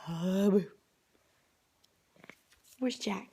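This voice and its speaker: A woman's voice: a little high, animated, measured pace, vocal fry, darkish tone, husky. A mother at home filming her toddler, coaxing her in playful, sing-song baby talk.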